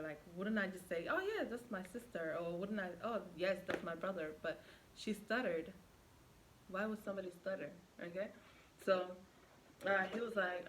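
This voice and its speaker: A young adult woman tells a storytime vlog about a past relationship, animatedly acting out quoted lines and using lots of fillers. Her voice is lowish, and the poor audio carries slight background noise.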